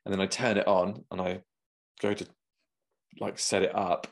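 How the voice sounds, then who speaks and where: A man's voice: deep voice, level tone, moderate pace, creaky. A man in casual chat, telling a story animatedly and acting out the voices of the people in it.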